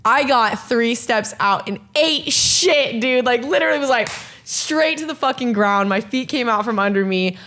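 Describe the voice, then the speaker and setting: A woman's voice: on the high side, expressive, moderate pace, a bit bright. A young woman co-hosting a casual podcast chat, telling a long story with lots of "like" fillers and casual swearing. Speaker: podcast co-host.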